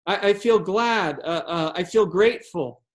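A male pastor with a notably high voice delivers an earnest sermon. He poses rhetorical questions and often doubles a word as he restarts a sentence. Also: a little slow.

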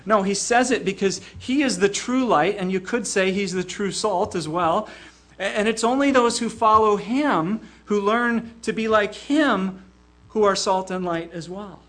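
A man's voice: high voice, a little slow, a bit bright. An older man preaching a sermon in an earnest way, often repeating a small word as he starts a phrase.

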